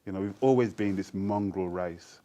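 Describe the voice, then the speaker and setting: With a low voice and moderate pace, a man in his sixties from Birmingham, England, tells stories as a poet being interviewed casually. His Birmingham accent has a Jamaican touch, and his animated delivery features frequent laughter and quoted voices.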